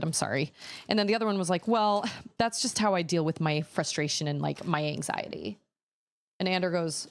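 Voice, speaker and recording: Woman, 30s, streamer, low-ish voice, rambling exasperated storyteller. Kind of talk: casual chat while gaming.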